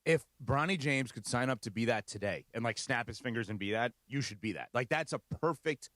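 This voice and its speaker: A man's voice: mid-range voice, animated, a little fast, fairly bright tone, no echo. A man on a sports radio show, chatting in an upbeat way in a studio. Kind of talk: casual sports talk.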